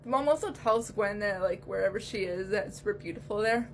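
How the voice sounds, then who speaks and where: A woman's voice: mid-range voice, brisk, hardly any pauses, slight background noise. A young woman casually recapping a horror movie's ending, swearing often and getting emotional.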